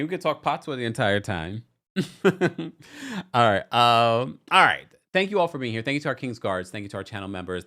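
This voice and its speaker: A man hosting a live recap show, chatting casually and playfully while reading out viewer comments. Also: mid-range voice. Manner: animated, playful, reads viewer comments aloud. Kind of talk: casual livestream chat.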